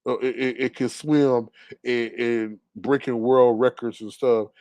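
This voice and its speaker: A man rants in an indignant, drawling way on a live talk stream. His voice sits at an ordinary middle pitch, recorded dry and close, and it swings between loud outbursts and low mutters. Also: steady tone, measured pace, no room sound. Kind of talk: animated casual ranting.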